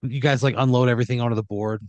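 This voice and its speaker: A man's voice: mid-range voice, fairly even intonation, very fast, a little mellow, no echo. Casual rambling male storyteller. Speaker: storyteller running the game. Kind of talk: improvised comedic horror narration.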